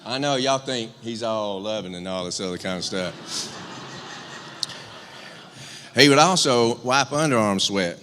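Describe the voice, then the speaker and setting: Expressive and lowish, his pushed, bright voice moves at a measured pace with long pauses and slight background noise. At a memorial in a church sanctuary, this middle-aged man from rural Georgia eulogizes his older brother through candid humor, frequent fillers, and restarts, with long church-hall reverb on the recording.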